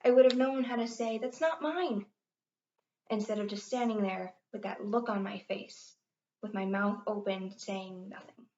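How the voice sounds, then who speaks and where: A young woman performing a dramatic interpretation as a shy, hurt eleven-year-old schoolgirl, telling her story in earnest first person with halting restarts. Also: medium pitch, steady tone, a little mellow, close to an everyday voice. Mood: wistful. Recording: roomy, dull, from far off.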